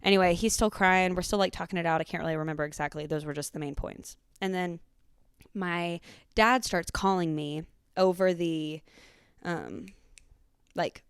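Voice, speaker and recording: A woman, hosting a podcast and telling a profane, animated story in casual chat. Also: fairly low pitch, moderate pace, clean tone, no room sound, studio quality. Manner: animated, profane, acts out quotes. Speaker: podcast host.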